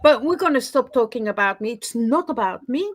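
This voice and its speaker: A woman's voice: a little high, expressive, a little fast, no room sound. A woman with a Swiss French accent, a native French speaker, hosting a casual live-stream interview with chatty, hesitant talk and frequent laughs. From Switzerland.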